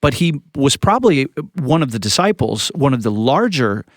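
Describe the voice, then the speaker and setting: Guy on a church podcast, joking around, dry close sound, normal pitch. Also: normal speed, no echo. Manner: lively and joking, acts out quotes. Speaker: podcast co-host, church leader. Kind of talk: casual chat about scripture.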